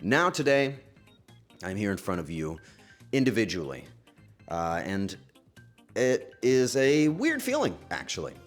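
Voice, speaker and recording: A man streaming casually from home, talking to his chat in an emotional, halting way and breaking into sudden excited outbursts. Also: fairly low pitch, soft background music. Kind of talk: casual livestream chat to viewers.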